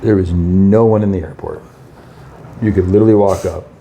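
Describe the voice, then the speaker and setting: A man tells a story in a casual podcast chat, his pitch swooping up whenever he acts out what someone said. A faint hiss sits under the recording. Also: moderate pace. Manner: animated anecdote-telling with acted-out quotes. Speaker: podcast co-host.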